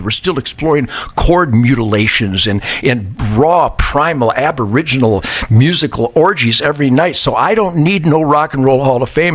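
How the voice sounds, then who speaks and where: A man's voice: medium pitch, fairly bright tone. An older male musician guest talking brashly and boastfully on a chat show. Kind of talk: casual chat.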